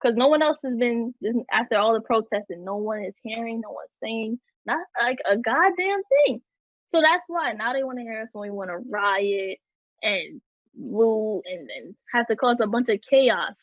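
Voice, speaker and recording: A woman's voice: fairly high pitch, moderate pace, dry recording, highs cut off. A young woman hosting a heated casual discussion, talking emphatically with many fillers and restarts. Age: young adult. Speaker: host.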